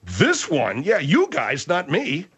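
A man hosting a talk radio show, riffing with animated comic exaggeration. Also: fairly high pitch, takes it slowly, husky. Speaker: radio host.

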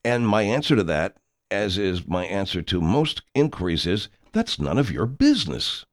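A man's voice: on the low side, big pitch swings, normal speed. A man playing a pompous, self-important horror film director who rambles through an anecdote and talks about himself in the third person. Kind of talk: comedic character monologue.

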